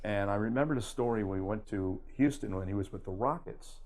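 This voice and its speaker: Older man from Miami, low-pitched, animated anecdote-teller who slips into quick impressions. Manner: animated storyteller, does impressions. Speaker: guest, sports broadcaster. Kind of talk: casual storytelling interview.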